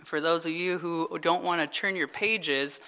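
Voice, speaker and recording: Male pastor with a high voice, easygoing midweek sermon, keeps checking in with the room. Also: fairly even intonation, measured pace, bright, forceful tone. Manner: conversational, asks the audience rhetorical questions; chuckles while telling stories. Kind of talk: midweek Bible-study sermon.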